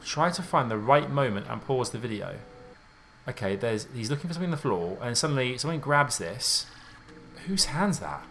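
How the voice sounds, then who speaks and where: A man giving let's play commentary on a game, excitable and jumpy, thinking aloud in casual slang. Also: medium pitch, moderate pace, a little hiss or hum. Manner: casual slangy talk, says mate and dude. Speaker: gaming YouTuber.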